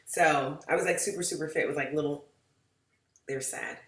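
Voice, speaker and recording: A woman telling a personal story in a casual vlog, animated and profane, shifting between loud outbursts and soft, low asides. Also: moderate pace, recorded from a distance. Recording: roomy echo.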